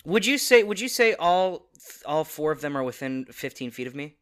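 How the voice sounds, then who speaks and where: A man playing a tabletop game, eager and excitable, swearing now and then. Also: on the high side, normal speed, smooth. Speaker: player.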